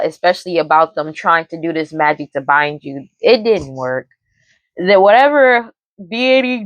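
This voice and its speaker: A woman's voice: deep voice, no echo, rough recording. A woman giving a casual tarot reading to camera, blunt and slangy, often laughing and swearing. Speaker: tarot reader.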